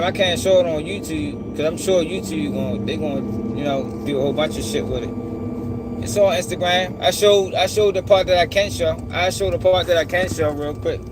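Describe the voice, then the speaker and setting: A man's voice: on the high side, noisy background. A man giving blunt, profane casual commentary on a news story, calling his viewers y'all and speaking. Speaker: commentator reacting to news clips.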